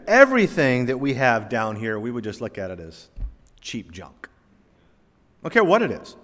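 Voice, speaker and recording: A man delivers a sermon in an ordinary mid-range voice, mixing animated, self-deprecating anecdote with scripture. His words ring out with the long reverb of a large church hall. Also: mid-range voice. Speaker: preacher. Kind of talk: sermon with personal storytelling.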